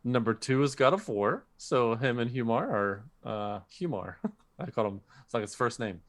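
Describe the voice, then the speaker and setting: Man, podcast co-host, casual chat, middle pitch, animated storyteller. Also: moderate pace. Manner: reads out listeners' picks, animated storyteller.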